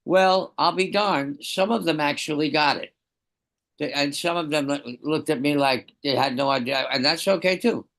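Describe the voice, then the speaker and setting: A man's voice: a little high, a bit bright. Reflective man on a video call. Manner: halting, reflective, many restarts. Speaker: participant sharing experience with children. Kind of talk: casual group discussion.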